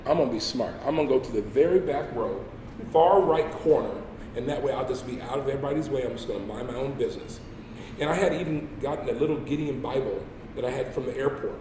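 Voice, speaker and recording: A man's voice: medium pitch, fast, recorded from a distance, noisy background. A man giving a humorous storytelling sermon as a guest speaker. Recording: echoey hall with faint ambience.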